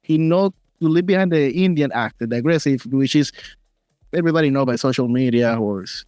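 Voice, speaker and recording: A male interview host, a native Spanish speaker, asking questions in halting, broken phrasing. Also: mid-range voice, darkish tone, smooth, dry recording. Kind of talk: casual interview.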